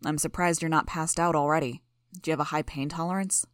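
A woman's voice: deep voice, steady tone, brisk, no echo, studio quality, close to an everyday voice. A woman voicing a smug, blunt male street medic with a hard-to-place accent that stresses syllables hard, speaking in a clipped, matter-of-fact way. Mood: curt.

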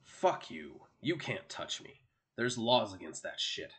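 A sneering young skinhead thug, voiced by a man reading a storybook. He snarls and blusters in defiance. The voice sits low. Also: sing-song, takes it slowly, fairly bright tone, slightly rough, full character voice. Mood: defiant.

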